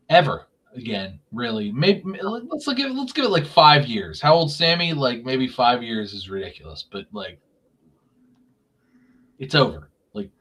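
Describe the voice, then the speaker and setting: A man talks in a loose podcast chat, ranting hard and swearing freely. He pitches up to mock people and then drops back to a grumble. His voice sits at an average pitch for a man. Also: fairly bright tone. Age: young adult or middle-aged. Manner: profane, ranting, mocks voices. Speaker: podcast co-host. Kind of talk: casual chat. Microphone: remote podcast mic.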